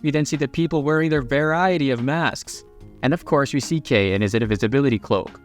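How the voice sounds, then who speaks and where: A man's voice: mid-range voice, a little fast, faint music behind. A man narrating a story recap in a casual, chatty way with playful asides.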